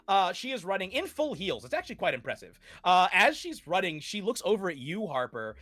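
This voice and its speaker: A man narrating a tabletop game as game master, in a casual, animated way. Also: sits high, fairly quick, few pauses, no echo.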